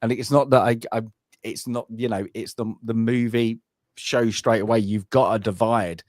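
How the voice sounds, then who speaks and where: This film review chat features a British podcast co-host who rambles casually, full of fillers and restarts. He speaks at a moderate pace in a mid-range, slightly mellow voice with fairly even intonation, captured cleanly in a studio with no room sound.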